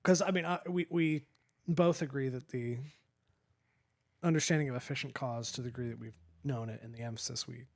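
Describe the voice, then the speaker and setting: Halting, self-correcting man. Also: medium pitch, fairly even intonation, creaky. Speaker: podcast co-host. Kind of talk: casual chat.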